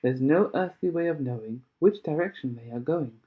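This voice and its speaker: A man voicing an eccentric, excitable male chocolate maker who exclaims and brushes off questions. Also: on the high side, normal speed, close to an everyday voice. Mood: manic. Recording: tinny phone-like sound.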